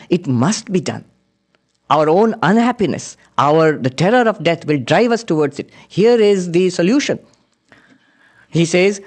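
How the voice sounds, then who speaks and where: Earnest man giving a spiritual lecture. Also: fairly high pitch. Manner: earnest storytelling, chants Sanskrit verses. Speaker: spiritual teacher.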